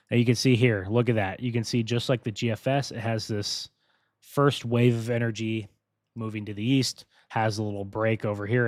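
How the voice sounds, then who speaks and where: Man, low voice, casual, excitable, live weather stream host, dry close sound. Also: no room sound. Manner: casual, excitable, talks to chat viewers.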